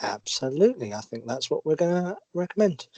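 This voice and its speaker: A man co-hosting a casual car chat show, agreeable and quick to laugh, reading out listener letters. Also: a little high, sing-song, darkish tone, husky, dry recording. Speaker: co-host.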